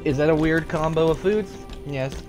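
A man giving live commentary over his own gameplay, rambling and excitable, swearing freely. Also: a little high, moderate pace, music in the background. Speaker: gaming streamer.

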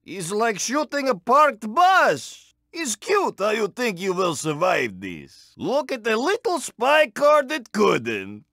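A spiteful little French car, high and gravelly. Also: male voice, huge pitch swings, slow pace, sharp tone, dry recording, clean studio sound, full character voice. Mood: mocking. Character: shifty little three-wheeled French car, male, spiteful and gleeful. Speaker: game character. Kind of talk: video game voice clips.

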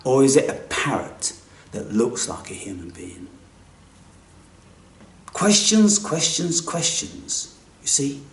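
A man delivering a theatrical spiritual monologue, swinging from hushed whispers to loud outbursts. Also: fairly low pitch, animated, normal speed. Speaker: spiritual video maker. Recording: echoey room, distant mic.

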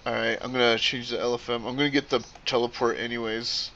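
A man's voice: medium pitch, little pitch movement, quick pace, creaky, bright, forceful tone, dull audio, slight background noise. A man streaming while gaming, rambling in casual chat with lots of fillers and casual swearing.

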